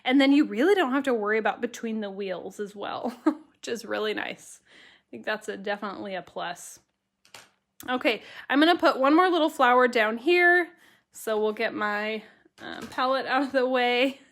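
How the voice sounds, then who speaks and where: A woman's voice: a little high, animated, moderate pace, a bit bright. A woman teaching a watercolor stamping tutorial on a live stream, chatting with viewers and laughing through her words. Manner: bubbly and chatty, reading out viewer comments.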